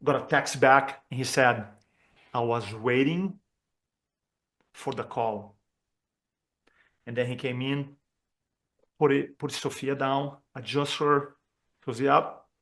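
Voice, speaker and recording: A man from Brazil, a communication trainer telling a personal story during a talk for chiropractors, earnest and expressive as he acts out the dialogue. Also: medium pitch. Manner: earnest and expressive, acts out quoted dialogue, with frequent fillers and restarts.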